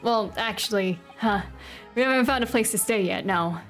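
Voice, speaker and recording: A woman's voice: medium pitch, moderate pace, soft background music, close to an everyday voice. A woman voicing a nervous young male defense lawyer in her plain reading voice. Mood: uneasy.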